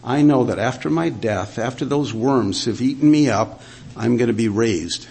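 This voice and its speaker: Guy preaching, kinda husky, earnest, lots of uhs and ums. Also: mid-range voice, normal speed, a little mellow. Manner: earnest preaching with frequent "uh" and "um", reading scripture aloud. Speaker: pastor. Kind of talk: sermon.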